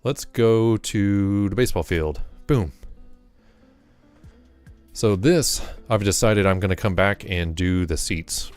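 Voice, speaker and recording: A man's voice: fairly low pitch, slow, darkish tone, clear, resonant tone, soft background music. A man chatting casually during a live stream, rambling and correcting himself, a little out of breath after exercise.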